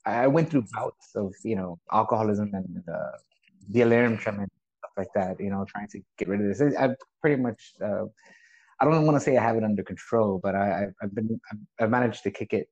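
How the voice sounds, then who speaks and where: A man in a casual chat, talking loosely and haltingly, laughing between phrases. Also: fairly low pitch, darkish tone. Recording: dull lo-fi sound.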